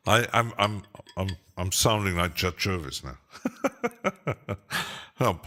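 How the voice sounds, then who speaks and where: Man, low bright voice, slow talk, rambling, hesitant, laughs a lot, casual live-stream chat from a home studio. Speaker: music producer streaming live.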